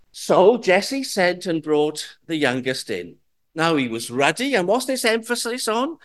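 A man preaches a sermon in a high, animated voice that rises and falls a lot. He takes his time, drawing out key words and stressing them. He keeps putting rhetorical questions to his listeners. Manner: slow, emphatic delivery with rhetorical questions.

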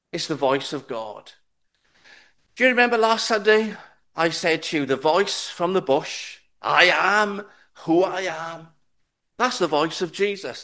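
Slow, deliberate male preacher. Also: fairly high pitch, a bit bright. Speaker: pastor. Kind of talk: sermon.

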